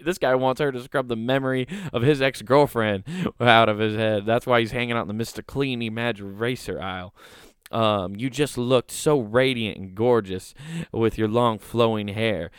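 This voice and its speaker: A man's voice: medium pitch, smooth, no room sound, studio quality. A man hosting a comedy podcast, giving sarcastic, mocking commentary and laughing often.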